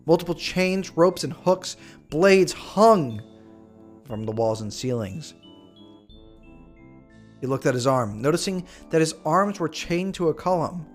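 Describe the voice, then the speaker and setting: Excitable young male streamer reading stories. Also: a little high, a little slow, long pauses, soft background music. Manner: jokey, excitable asides. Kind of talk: reading viewer stories aloud on a live stream.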